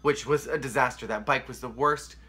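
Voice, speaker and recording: A man's voice: medium pitch, fairly quick, bright, forceful tone, slightly rough. A young man candidly telling a painful personal story to the camera, emotional and rambling, with lots of "like.". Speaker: vlogger.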